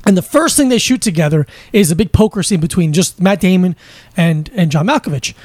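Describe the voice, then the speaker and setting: A man in casual podcast chat, eager and quick to riff and explain. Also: high voice, animated, a little mellow, no room sound.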